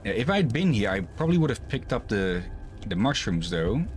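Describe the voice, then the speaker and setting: A man streaming a co-op game with a friend, relaxed, thinking aloud and laughing often. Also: fairly low pitch, moderate pace, slight background noise. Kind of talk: casual gaming chat.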